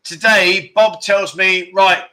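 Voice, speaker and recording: A man with a high, sharp, steady-toned voice takes it slowly while hosting a casual livestream from Pattaya, Thailand. Reading viewer donations, he's chatty and grateful, with many restarts as he thanks people.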